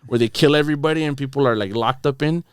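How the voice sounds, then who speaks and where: A man's voice: mid-range voice, fast talker, clear, resonant tone, no room sound, studio quality. A man casually telling a long story on a podcast, rambling and profane, filling his talk with "bro" and "dude". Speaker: podcast guest. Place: podcast studio.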